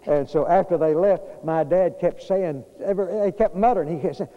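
A man, preaching a storytelling sermon in a church, folksy and conversational with many pauses and fillers. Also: a little high, mellow, long reverb tail, lo-fi sound. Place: church sanctuary.

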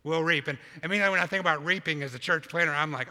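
A man preaching a sermon as a church planter, telling a story in an animated way and acting out his own side of a conversation. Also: on the high side, fast talker, big-room sound, background noise.

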